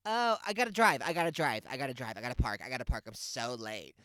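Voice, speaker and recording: A man voicing a frantic, gushing suburban mother yelling from her car window, shrill and breathless, repeating herself over and over. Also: fast talker, no room sound, studio quality, natural voice.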